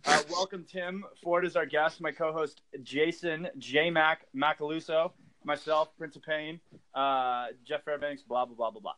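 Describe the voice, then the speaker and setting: A man's voice: fairly high pitch, fairly even intonation, unhurried, pushed and bright, slight background noise, poor audio. A man hosting a casual podcast, rambling with lots of fillers and jokes. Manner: rambling, filler-heavy, joking. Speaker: podcast host.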